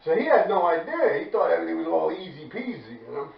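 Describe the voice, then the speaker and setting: A man's voice: on the high side, very animated, fast talker, creaky. A man with a New York accent, telling a graffiti story to his viewers in loose, profane street talk, laughing as he goes. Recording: echoey, distant, dull with faint noise.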